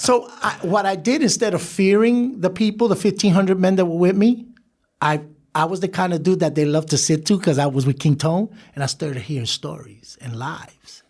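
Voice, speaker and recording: A man as a podcast guest, telling his life story in an animated way, laughing and acting out the people he quotes. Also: high voice, normal speed. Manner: animated, laughs through stories, acts out quoted voices. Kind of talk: storytelling interview.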